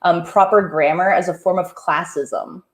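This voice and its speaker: A woman's voice: lowish voice, steady tone, normal speed, roomy sound. A woman hosting a comedy interview, chatty and giggly, full of "like" and fillers. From Southern Ontario, Canada. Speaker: comedian host. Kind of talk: casual interview chat.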